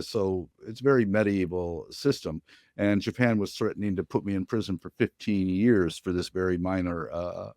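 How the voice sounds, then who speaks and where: Low-voiced older man, firm interview guest. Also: a little mellow, dry recording, studio quality. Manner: firm, plain-spoken, emphatic. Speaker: guest, ocean activist. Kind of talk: interview answers.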